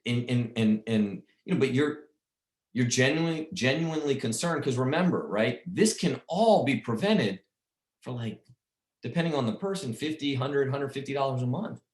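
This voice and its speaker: A man's voice: mid-range voice, animated, normal speed, roomy sound. A man casually coaching insurance agents on sales calls, rambling and repeating himself as he talks. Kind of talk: casual sales training talk.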